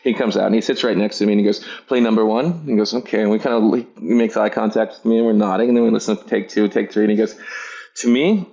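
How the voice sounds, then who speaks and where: A man's voice: lowish voice, fairly even intonation, fast talker, vocal fry, warm tone, muffled recording. A middle-aged man in a casual interview, telling stories with enthusiasm, laughing often and acting out the voices of people he quotes. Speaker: interviewee, animated series co-creator.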